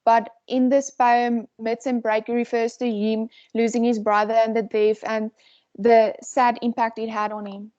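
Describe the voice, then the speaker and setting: A woman's voice: on the high side, flat delivery, measured pace, darkish tone, highs cut off. A teenage girl student answering her teacher politely in class. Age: teens. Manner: polite, starts with "ma'am".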